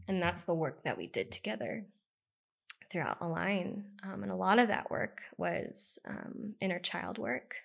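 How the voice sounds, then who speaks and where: A woman's voice: lowish voice, lively intonation, measured pace, creaky. A woman in her thirties from the United States, a podcast guest telling her own story in a casual, candid and emotional way, with many "like" and "you know" fillers.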